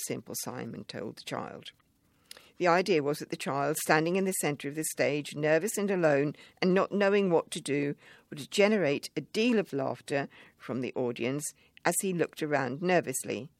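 Wry storyteller reading old memories out loud, steady and measured, dry close mic. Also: mid-range voice, no room sound. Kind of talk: reading a memoir story aloud.

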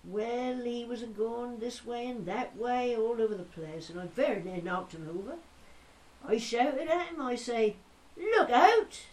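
A woman's voice: a little high, unhurried, a little mellow, far from the mic, voice pushed up, lightly acted. A woman voicing a chatty old Norfolk countrywoman with a broad rustic accent, spinning jokey yarns. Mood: jolly yarning.

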